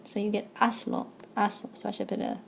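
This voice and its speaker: A woman's voice: mid-range voice, little pitch movement, a little fast, gravelly, slight background noise. A woman teaching a recorded language lesson, explaining step by step with patience and checking in with "okay?". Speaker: Spanish teacher.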